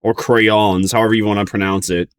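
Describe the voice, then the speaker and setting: A man with a low voice talks loosely over a video he is watching, rambling and restarting his thoughts. He laughs a lot and breaks into mocking, high, sing-song jabs. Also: brisk, a bit bright. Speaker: streamer reacting to a video. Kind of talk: casual reaction commentary.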